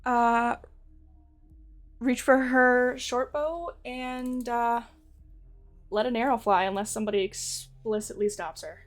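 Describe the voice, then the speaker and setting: Female tabletop player, slightly high voice, chatty and animated. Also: slow pace, pauses often. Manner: lively, animated describing actions. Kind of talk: casual tabletop play.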